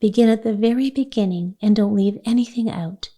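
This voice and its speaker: A woman reading an audiobook, voicing a gentle, earnest little girl. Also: medium pitch, brisk, natural voice. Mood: eager. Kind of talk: audiobook character voice.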